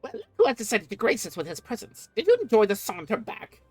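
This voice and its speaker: A woman voicing a haughty, condescending scholar in a video game, with a crisp, disdainful delivery. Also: mid-range voice, very animated, quick pace, a little mellow, no echo, faint music behind. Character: haughty condescending scholar, sharp-tongued and superior.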